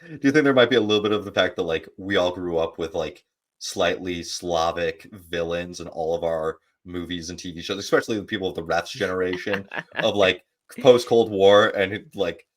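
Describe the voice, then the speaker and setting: A man's voice: sits low, moderate pace. A man co-hosting a podcast, chatting casually about sports and telling stories with joking asides. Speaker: podcast co-host. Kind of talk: casual sports debate chat.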